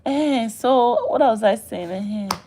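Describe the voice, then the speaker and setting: A woman chatting on a livestream with her viewers, animated and playful, laughing often and putting on mock outrage. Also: a little high, slow pace, slight background noise. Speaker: livestream host. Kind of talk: casual livestream chat with viewers.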